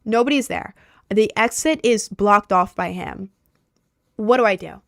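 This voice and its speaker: A young woman in her twenties telling a story casually, rambling and leaning on filler words. Her voice has a gravelly fry, and it sounds dry and close. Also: medium pitch, unhurried, fairly bright tone, no room sound.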